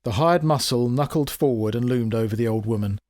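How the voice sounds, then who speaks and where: A man reading his own comic fantasy story aloud in a wry, expressive way. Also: mid-range voice, a little fast, no echo, clean studio sound. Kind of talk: dramatic audiobook narration.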